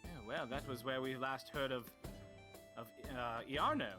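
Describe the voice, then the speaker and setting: A man's voice: medium pitch, normal speed, over music, close to an everyday voice. A man voicing a stiffly polite male envoy on official business. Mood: prim.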